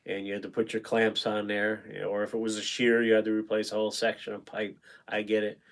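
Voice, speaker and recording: A man's voice: fairly low pitch, monotone, fast talker. Chatty man reading out livestream comments. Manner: rambling, reads viewer comments aloud and answers them; talkative, chummy with viewers. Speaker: painting livestreamer. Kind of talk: casual livestream chat.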